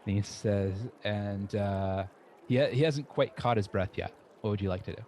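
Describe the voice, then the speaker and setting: A man narrating as game master of a tabletop game, describing scenes haltingly with many fillers. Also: lowish voice, darkish tone, slight background noise. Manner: halting, lots of "uh" and restarts while describing scenes.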